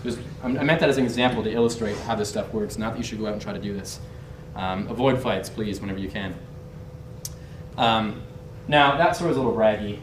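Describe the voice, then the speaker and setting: A young adult man, a body language and dating instructor, teaches through a candid, brash story, swearing and laughing along the way. His voice is on the low side and a little fast, picked up by a distant mic in a roomy space with a noisy background.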